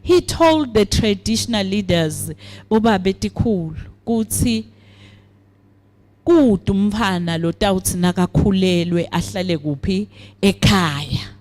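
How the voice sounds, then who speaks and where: A woman with a Swazi accent giving a formal speech at a program launch, deliberate and pausing often. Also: medium pitch, expressive, a little mellow. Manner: deliberate, with frequent hesitations. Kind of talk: formal speech mixing English and siSwati.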